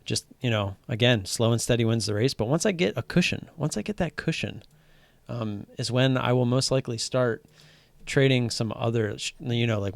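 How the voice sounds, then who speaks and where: A man chats through a live trading stream in a mid-range voice roughened by gravelly fry. The sound is dry and close, with no room around it. He talks off the cuff, curses freely, restarts his thoughts and gets worked up over his results. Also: medium pitch, no echo. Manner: excitable, swears casually, rambling restarts. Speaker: livestream host talking day trading. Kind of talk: casual live-stream chat. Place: home streaming setup wearing headphones.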